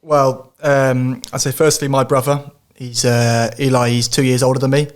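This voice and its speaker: Polite teenage boy, flat and hesitant. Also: mid-range voice, normal speed, smooth. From England. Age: teens. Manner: polite, hesitant, with many fillers. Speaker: podcast guest, footballer. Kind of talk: casual interview.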